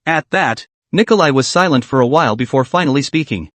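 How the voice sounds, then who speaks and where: Male recap narrator, animated delivery, slightly high voice, dry close sound. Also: quick pace, few pauses, no room sound. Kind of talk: scripted story recap narration.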